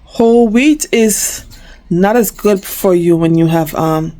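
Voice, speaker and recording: A woman's voice: mid-range voice, slow. Chatty middle-aged New York woman vlogging. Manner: animated, chatty, acts out quoted talk. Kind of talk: casual storytelling vlog.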